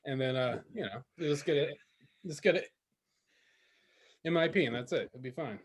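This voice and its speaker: A man's voice: medium pitch, moderate pace, breathy edge. A man co-hosting a podcast, chatting casually in a loose, rambling way with fillers. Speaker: podcast co-host. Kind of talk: casual chat.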